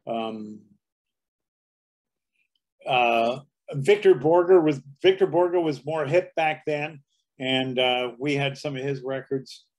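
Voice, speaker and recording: A man's voice: medium pitch, slow pace, long pauses, darkish tone. A man in his seventies, a guest comedian telling anecdotes in a casual interview, slipping into dialect impressions. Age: 70s.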